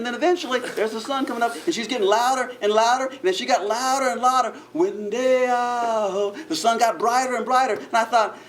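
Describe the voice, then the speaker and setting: Animated man telling stories theatrically. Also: sits high, a little hiss or hum. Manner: theatrical, animated, playful, chuckling often, audience asides. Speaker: park ranger giving a living-history talk. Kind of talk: first-person character storytelling to a live audience.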